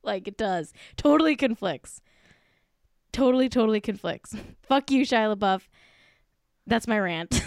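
Woman, host, casual pop-culture rant, swears a lot, many fillers, smooth clear voice, dry sound. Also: a little high, animated, moderate pace, long pauses, no room sound. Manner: ranting, swearing, filler-heavy. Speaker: podcast host.

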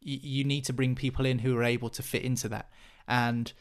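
A man's voice: mid-range voice, little pitch movement, a little fast. Male football pundit, casual chatter full of fillers, mid-range voice. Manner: chatty, many restarts and fillers.

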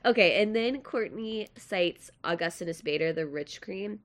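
A woman's voice: medium pitch, lively intonation, normal speed, a bit bright. A young woman hosting a podcast in casual, chatty, self-deprecating talk, with a nasal voice. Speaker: podcast host.

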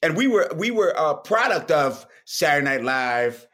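A man, a comedian, telling a lively anecdote in a casual interview, acting out the voices and laughing as he goes. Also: a little high, moderate pace. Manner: animated, acts out voices, laughs often. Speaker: comedian guest.

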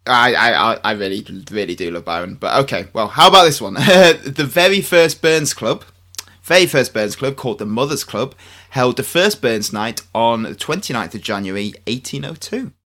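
Male co-host, bright and forceful, nervous giggly delivery. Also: lowish voice, lively intonation, brisk. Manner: nervous laughs, mock Scottish attempts. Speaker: podcast co-host. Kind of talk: scripted podcast banter.

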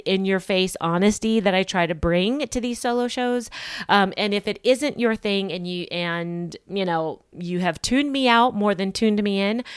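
A woman's voice: on the low side, clear, resonant tone, dry recording, studio quality. A woman hosting her solo podcast, talking candidly in an in-your-face, sarcastic way, rambling with lots of ums and restarts. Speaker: podcast host.

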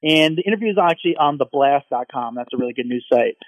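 A man co-hosting a podcast, gushing and excitable as he tells a story in casual chat. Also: medium pitch, no echo, narrow, tinny audio. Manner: excitable, gushing, quick anecdotes. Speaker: podcast co-host.

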